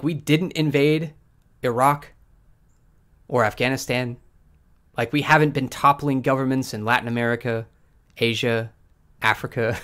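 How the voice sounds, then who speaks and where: A man hosting a podcast with livestream commentary, combative and sarcastic, dropping to mutters and then breaking into loud outbursts. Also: medium pitch. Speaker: podcast host.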